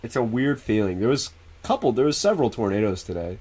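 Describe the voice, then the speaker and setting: A man's voice: mid-range voice, animated, fast talker, a little mellow, husky. Casual, profane male livestreamer. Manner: loose, profane, laughs often; answers viewers directly. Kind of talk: casual stream chat.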